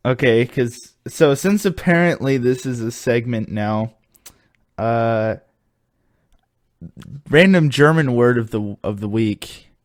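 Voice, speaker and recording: A man's voice: mid-range voice, lively intonation, slow pace, long pauses, dry recording, studio quality. A young man co-hosting a podcast in easygoing casual chat, loose and hesitant with "uh.". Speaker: podcast co-host.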